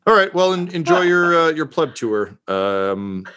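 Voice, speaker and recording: A man doing a gruff swaggering woman war hero. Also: a little high, very animated, measured pace, pushed and bright, voice pushed up, exaggerated voice. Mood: mocking. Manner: blunt, swaggering.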